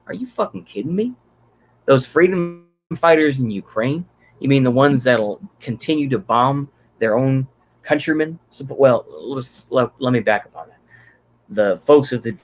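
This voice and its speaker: A man from Texas giving unscripted solo political commentary, rambling and profane, with many fillers and restarts. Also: medium pitch.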